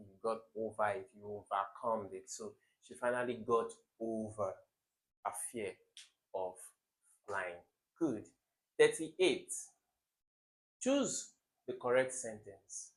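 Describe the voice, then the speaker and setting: Emphatic man teaching English. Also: lowish voice. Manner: emphatic teacher, repeats words and quizzes the viewer. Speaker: exam tutor. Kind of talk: recorded exam-prep lesson.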